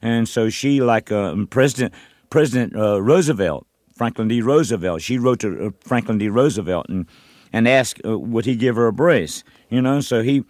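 An older musician from North Carolina is an interview guest, rambling through long stories with many restarts and plenty of "you know"s. His mid-range voice is expressive and darkish and sounds short of breath, at a moderate pace. The studio recording is clean, with no room sound.

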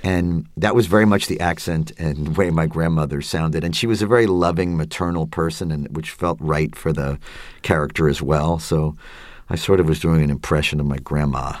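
A man's voice: a bass voice, steady tone, moderate pace, no echo. A middle-aged male actor, a guest in an interview, talking reflectively and hesitantly, with plenty of fillers. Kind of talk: casual interview talk.

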